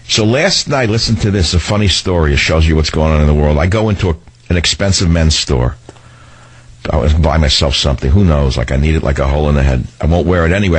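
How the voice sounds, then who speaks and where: A man's voice: low voice, slightly rough. Combative older male talk radio host. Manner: combative, sarcastic, rambling. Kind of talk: political talk radio monologue.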